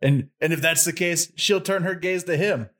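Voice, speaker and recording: A man's voice: a little high, normal speed, a bit bright. A man in casual chat describing how a tabletop game story could unfold, in a storytelling way.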